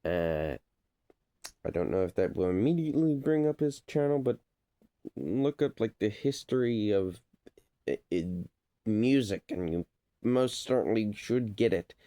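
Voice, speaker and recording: A man's voice: on the low side, animated, unhurried, pauses often, mellow, dry recording. A man talking in a rambling, playful monologue, full of fillers and trying out silly mock accents. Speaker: vlogger.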